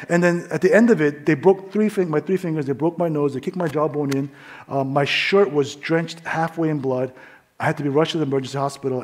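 A middle-aged man from New York tells his story as a sermon testimony, often dropping to quiet asides. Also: a little high.

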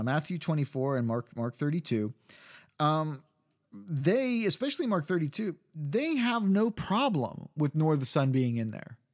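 A man giving an unscripted lecture on church history, explaining step by step with many fillers and restarts and checking in with his listeners. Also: a little high.

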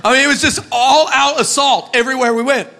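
A man from El Paso preaching a comic storytelling sermon, animated and sarcastic, with many stammered restarts. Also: very high-pitched, quick pace, creaky, noisy background. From El Paso, West Texas, USA. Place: church.

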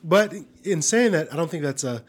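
A man's voice: a little high, animated, normal speed. Rambling, easygoing man on a podcast. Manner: loose, rambling, many "you know" and "I mean" asides. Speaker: podcast co-host, improv performer. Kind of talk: casual podcast conversation.

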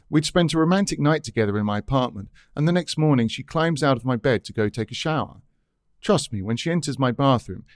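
A man voicing an exasperated bald man who tells an indignant, animated breakup story. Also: medium pitch, no room sound, clean studio sound, lightly acted.

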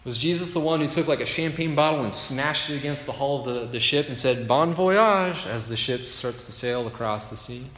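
A man delivers a sermon with a chatty, conversational touch, tossing quick "right?" questions to his listeners. His voice sits at an ordinary middle pitch. It rings out through a roomy hall with a long, trailing reverb. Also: steady tone, a bit bright. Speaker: pastor.

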